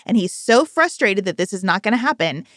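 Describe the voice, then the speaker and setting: A woman's voice: mid-range voice, very animated, fairly quick, fairly bright tone, dry recording, clean studio sound. A woman co-hosting a political podcast, earnestly setting up a clip for listeners. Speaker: podcast co-host. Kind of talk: casual political chat.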